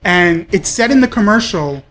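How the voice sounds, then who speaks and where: A man's voice: high-pitched, animated, normal speed, a bit bright. A man hosting a casual TV episode review, talking in a rambling, gushing way with frequent exclamations. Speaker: host of a TV review show.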